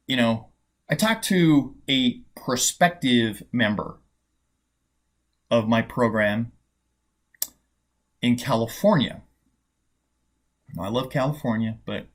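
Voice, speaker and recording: A man's voice: mid-range voice, fairly bright tone. Man telling a story, chatty with restarts. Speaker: trading coach. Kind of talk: casual storytelling monologue.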